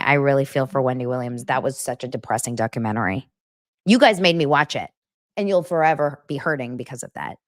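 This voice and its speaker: A young adult woman hosting a casual celebrity gossip show, chatty and animated, jumping between stories with quick asides. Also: low voice, no room sound, clean studio sound. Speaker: host.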